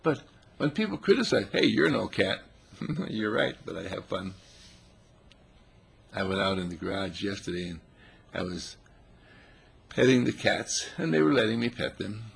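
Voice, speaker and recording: Gravelly, husky man giving a spiritual talk. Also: lowish voice, moderate pace, long pauses. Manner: playful, animated, voicing animals and quotes.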